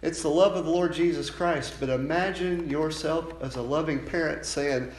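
A man's voice: moderate pace, few pauses. Man preaching in an echoey room. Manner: builds from calm teaching to loud, high-pitched fervor. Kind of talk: sermon.

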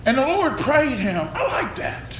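A man preaching a sermon, swinging between shouts and hushed tones. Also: very high-pitched, big pitch swings, measured pace. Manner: shouts and drops to a hush, preacher cadence. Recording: echoey room with faint noise.

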